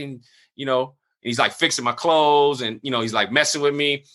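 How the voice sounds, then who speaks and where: A middle-aged man, a pastor, telling a personal story in casual conversation, full of fillers and acting out other people's lines in a raised voice. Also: normal speed. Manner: animated, acts out quoted voices at higher pitch.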